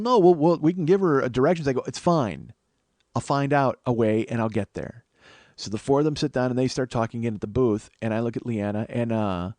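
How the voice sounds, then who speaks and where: A man tells a story on his comedy podcast, swearing freely and poking fun at himself. His voice sits at a middle pitch. The sound is close and dry, with no room echo. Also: a little mellow. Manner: profane, self-deprecating, emphatic storytelling. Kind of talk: storytelling monologue.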